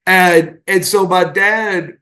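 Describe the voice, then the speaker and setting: A middle-aged man, a retired wrestler and podcast guest, telling stories in a casual, animated way, acting out the voices of the people in them. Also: high-pitched, slow pace. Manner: animated anecdotes, acting out quoted voices, many restarts. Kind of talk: casual storytelling.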